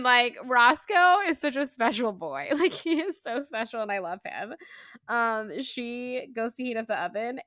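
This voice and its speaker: In clean, echo-free studio audio, a woman with a medium-pitched, slightly bright voice co-hosts a podcast. She recounts a book chapter by chapter, giggly and full of fillers, like a relaxed book club.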